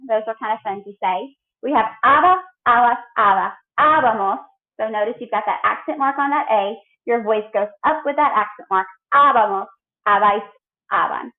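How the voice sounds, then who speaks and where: A woman teaching a recorded grammar lesson, explaining patiently and drilling verb forms clearly. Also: medium pitch. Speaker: Spanish teacher. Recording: tinny phone-like audio.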